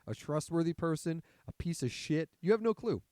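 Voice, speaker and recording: A man talking bluntly and thoughtfully in a casual podcast chat, with plenty of swearing. His voice sits a little high. The sound is dry and close. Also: expressive, moderate pace, darkish tone, dry recording. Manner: blunt, profane, reflective. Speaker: podcast co-host.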